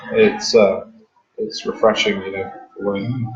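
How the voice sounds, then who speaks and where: A man's voice: on the low side, slow pace, muffled recording, a little hiss or hum. A man coaching in a casual chat, earnestly acting out sample pickup lines. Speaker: confidence coach.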